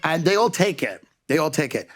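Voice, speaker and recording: A man with a fairly high voice rants through a comedy podcast, rambling and sarcastic. He keeps slipping into little impressions of the people he is mocking, all in his own voice. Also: big pitch swings, fairly quick, a bit bright. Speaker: comedian guest.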